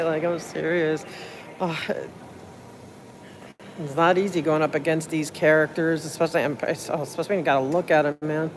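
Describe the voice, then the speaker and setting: Tired streamer, easygoing live chat, rambling and thankful, middling pitch, a faint hiss of noise behind. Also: steady tone, normal speed, long reverb tail. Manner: chatty, rambling, full of fillers and thanks. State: tired, running on little sleep. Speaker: livestreamer at a public meeting. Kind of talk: casual live chat with viewers. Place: city hall building, indoors.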